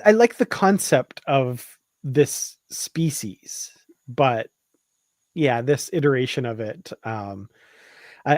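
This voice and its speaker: A man chatting casually on a panel, hesitant and full of little fillers, often breaking into a chuckle. His voice sits at an everyday middle pitch, dry and close to the mic. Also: a little mellow, no room sound. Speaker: panelist on a fan discussion show.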